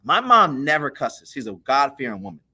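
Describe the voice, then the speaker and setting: A man on a podcast telling a childhood story in a casual, animated way, acting out the voices of the people in it. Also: medium pitch, normal speed, husky. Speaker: podcast co-host.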